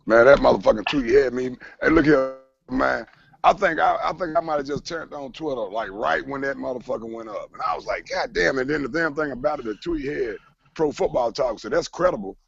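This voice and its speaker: A man's voice: mid-range voice, fairly quick, vocal fry, husky, lo-fi sound. A man hosting a casual sports talk show, heated and rambling, swearing constantly. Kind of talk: casual profane sports chat.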